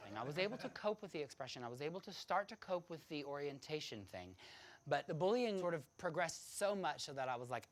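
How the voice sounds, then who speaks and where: A man from the United States telling a personal story to an audience, animated, laughing often and acting out the voices of others. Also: on the high side, quick pace.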